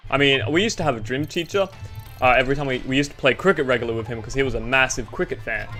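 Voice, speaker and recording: This young Australian man talks very fast, his medium-pitched voice sharp in tone. As a gaming YouTuber, he rambles through goofy, self-deprecating gameplay commentary while game music plays faintly.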